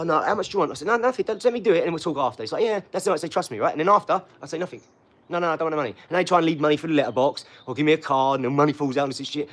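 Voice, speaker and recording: A middle-aged man hosting a live stream, talking in loud, hyped, streetwise banter. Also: on the high side. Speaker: livestream host. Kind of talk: casual live-stream chat.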